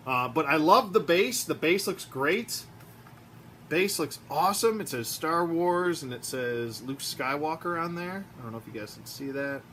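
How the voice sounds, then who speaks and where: A man who collects toys, chatting in a rambling, excitable way with lots of fillers, recorded in a room at home. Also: a little high, moderate pace, a little hiss or hum. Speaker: toy collector vlogger. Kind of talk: casual rambling review vlog.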